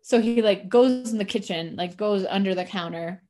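A woman's voice: mid-range voice, moderate pace, warm tone, a little hiss or hum. Woman, podcast co-host, casual recap, filler-heavy, acts out dialogue. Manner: chatty, lots of "like" fillers, acts out characters' lines.

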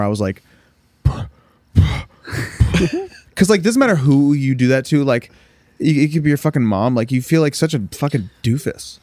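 A young man chats loosely on a podcast, swearing and restarting his sentences as he tells a story. The sound is dry and close, and his pitch sits at an ordinary middle level. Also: lively intonation, normal speed, pauses often, a little mellow, dry recording. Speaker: podcast co-host. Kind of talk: casual chat.

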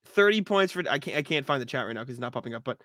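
A man co-hosting a casual sports podcast, recapping a game with frequent throat clearing and stammered restarts. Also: medium pitch, animated, rapid-fire, fairly bright tone, no echo, studio quality. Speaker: podcast co-host.

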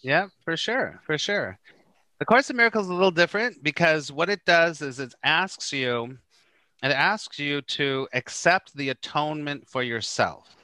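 Man, middle-aged, spiritual teacher, vivid storyteller, bright sharp voice. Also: fairly high pitch, normal speed, no echo. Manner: animated storyteller who acts out quoted lines. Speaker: Course in Miracles teacher, podcast guest. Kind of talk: casual spiritual conversation.

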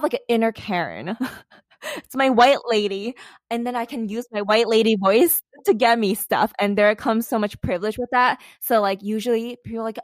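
A woman's voice: a little high, moderate pace, dry recording, clean studio sound. A young American woman co-hosting a podcast, talking bluntly and swearing often with frequent laughs. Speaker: podcast co-host. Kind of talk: casual chat.

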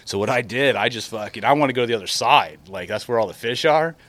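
A man's voice: mid-range voice, fast, fairly bright tone. A man telling rambling, profanity-laced fishing stories in casual podcast chat, with many restarts and fillers.

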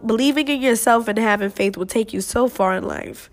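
Talking straight to "you guys," a young podcast host delivers a heartfelt, casual pep talk, cursing freely as she goes. Her voice is on the high side, her pace normal, and she barely pauses.

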